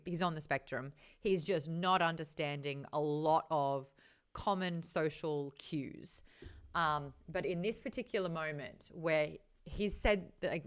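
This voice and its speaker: A woman's voice: low voice, fairly bright tone, smooth. A woman with an Australian accent hosting a casual book discussion, retelling scenes and acting out the characters' lines. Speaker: book club host.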